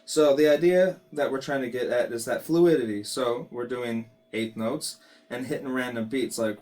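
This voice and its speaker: A man giving a casual guitar lesson, explaining strumming in a relaxed way and counting beats aloud. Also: mid-range voice, normal speed. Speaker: guitar teacher. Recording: guitar playing behind the voice.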